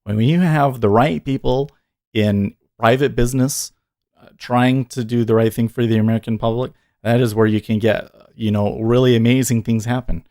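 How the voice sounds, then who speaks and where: A man's voice: mid-range voice, a little mellow, no room sound, clean studio sound. A man in his thirties hosting a day trading livestream, talking casually and earnestly, rambling with frequent self-corrections.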